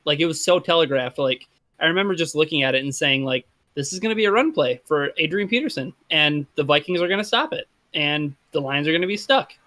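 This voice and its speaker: A man co-hosting a sports podcast, talking in a deadpan way with many "like" fillers. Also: a little high, fast. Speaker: podcast co-host. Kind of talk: casual sports podcast chat.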